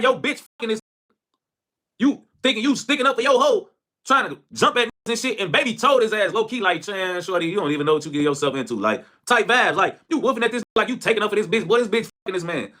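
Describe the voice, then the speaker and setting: Fast, high-pitched young man ranting. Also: lively intonation. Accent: Chicago. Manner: loud, profane, joking, slips into mock voices. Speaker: livestream host. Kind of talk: casual rant to a livestream audience.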